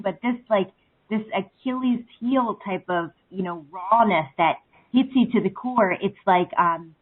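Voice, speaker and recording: A woman calling into a talk show over the phone. She rambles through her thoughts, filling them with "like" and "um". Her voice is a bit husky and comes through thin and narrow. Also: mid-range voice, unhurried. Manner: rambling, full of "like" and "um". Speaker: caller. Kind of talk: casual phone-in chat. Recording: phone line.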